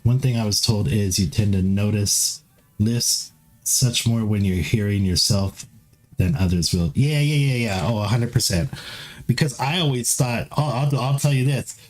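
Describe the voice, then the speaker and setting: A man chatting casually on a live stream, his fairly low voice going raspy and a little rugged at the bottom while his S sounds come out lispy. There is a nasal edge to him, and he rambles through lots of fillers with faint music playing in the background. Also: moderate pace. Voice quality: lisp. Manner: rambling, filler-heavy, self-deprecating.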